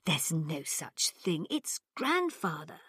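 A woman's voice: low voice, big pitch swings, slow, fairly bright tone, husky, dry recording, studio quality, exaggerated voice. A woman reading a story aloud and voicing a young girl, the doctor's granddaughter, who sounds eager and insistent.

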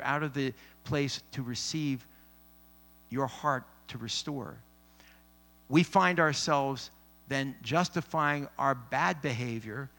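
A man preaching a sermon in an earnest, measured way, with emphatic pauses. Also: mid-range voice, a bit bright.

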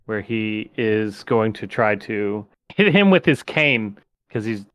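A man's voice: on the low side, expressive, slow pace, fairly bright tone, clear, resonant tone, dry recording. A man playing a tabletop game, hesitant and full of fillers as he plans his character's moves. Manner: hesitant, many fillers while planning. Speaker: player.

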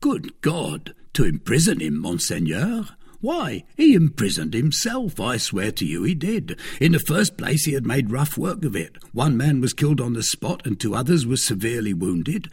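A man doing a frantic, grovelling innkeeper from an old adventure story. His husky, gravelly voice jumps all over the place as he pleads and complains. He sounds anxious and humble, eager to please. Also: medium pitch, moderate pace, heavily acted. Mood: agitated. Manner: agitated, grovelling and excitable. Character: fretful, pleading middle-aged male innkeeper.

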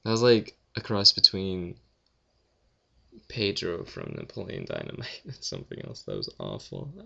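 A man's voice: sits low, huge pitch swings, a little slow, creaky, bright, forceful tone, husky, dull audio. A young man casually answering viewer questions in a rambling, offhand, sleepy way. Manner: rambling, offhand, swears and yawns, tired. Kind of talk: casual Q&A vlog.

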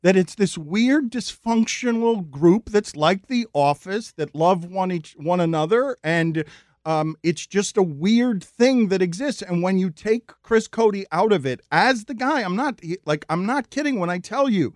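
A man hosting a podcast, chatting casually and getting animated as he talks. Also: high-pitched, measured pace, no room sound, studio quality. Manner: animated, rising into exasperated retellings. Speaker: podcast host. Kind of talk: casual chat.

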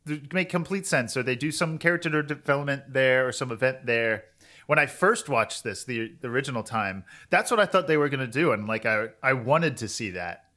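Bright-voiced man chatting about anime. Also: medium pitch, a little fast. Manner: rambling, animated retelling with quoted voices. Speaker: podcast co-host. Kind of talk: casual chat about anime.

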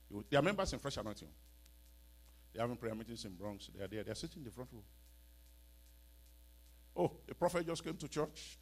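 A man delivers a sermon in a medium-pitched voice, moving from quiet storytelling to loud, emphatic cries and repeating lines for effect.

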